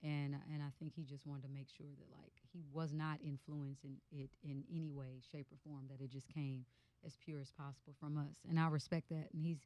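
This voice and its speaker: Low-voiced woman telling stories on radio. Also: fairly quick, no room sound. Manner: animated storyteller, many fillers. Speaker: guest musician. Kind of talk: casual radio interview chat. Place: radio studio.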